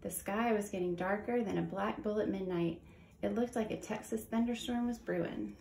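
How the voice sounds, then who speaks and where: A woman narrates a children's picture book with folksy storytelling. Her voice has a gravelly fry, and the reading rings in an echoey room with a faint hiss behind it. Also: mid-range voice, moderate pace, a little mellow. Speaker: storybook reader. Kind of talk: children's read-aloud narration.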